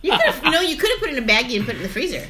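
A woman co-hosting a podcast, teasing and reacting quickly. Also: high-pitched, big pitch swings, sharp tone, a little hiss or hum. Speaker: podcast co-host. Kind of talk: casual chat.

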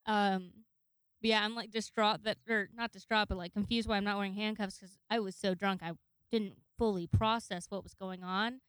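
Smooth-voiced young woman telling a wild story. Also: mid-range voice, fairly even intonation, moderate pace, dry recording. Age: 20s. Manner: rambling, profane, laughs often. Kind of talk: casual storytelling.

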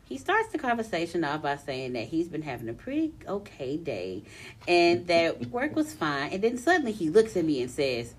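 A young woman co-hosting a casual podcast, reading a listener's long story aloud with animated delivery and frequent laughter. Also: lowish voice, moderate pace, husky.

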